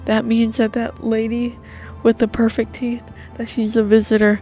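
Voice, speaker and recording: A woman's voice: fairly high pitch, monotone, moderate pace, warm tone, faint music behind. A woman gamer giving nervous, jumpy commentary while playing a horror game, talking to herself.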